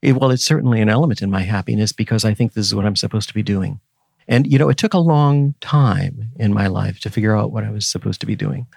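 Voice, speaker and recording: A man's voice: fairly low pitch, quick pace, creaky, a little mellow, no echo, clean studio sound. A man in his seventies, a guest scholar in an interview, talking in an earnest, teacherly and emphatic way. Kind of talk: reflective interview conversation.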